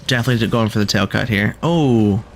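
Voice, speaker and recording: A man's voice: on the low side, a little fast, a little hiss or hum. A man casually commenting on his own gameplay as he plays, thinking aloud and reacting with sudden exclamations. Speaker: gaming video creator.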